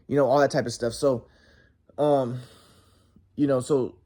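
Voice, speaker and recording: A man's voice: medium pitch, level tone, unhurried, pauses often, warm tone. A young man telling a personal story in an agitated, rambling way, cursing often and restarting his sentences. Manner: agitated, profane, many restarts.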